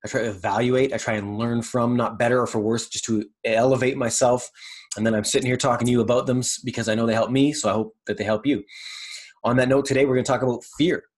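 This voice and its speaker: A man hosting his own motivational podcast, talking casually and earnestly, rambling, pausing to search for words, and swearing freely. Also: medium pitch, fairly even intonation, darkish tone. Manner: earnest and reflective. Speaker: podcast host. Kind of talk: motivational monologue.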